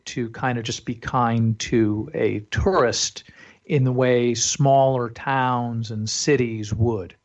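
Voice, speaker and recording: A middle-aged man talking as an interview guest, chatty and animated as he tells stories. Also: medium pitch. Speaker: guest, travel publisher. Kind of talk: casual interview talk. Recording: slightly dull lo-fi audio.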